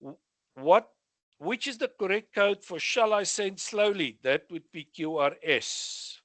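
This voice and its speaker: In a dry recording, a South African man revises for a radio exam, reading each question aloud before answering it with brief asides. His voice is high, somewhat bright, and expressive, and he never rushes.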